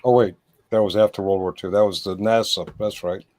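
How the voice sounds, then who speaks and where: A man's voice: lowish voice, steady tone, a little fast, a little mellow, dry recording. Joking irreverent man hosting a livestream. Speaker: livestream host. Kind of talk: casual livestream chat.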